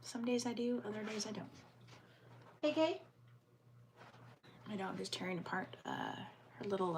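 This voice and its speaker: An American woman hosting a casual livestream from home. She chats and answers viewer comments aloud, and sometimes drops into soft muttered asides. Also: medium pitch, a little hiss or hum. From United States. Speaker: livestream host.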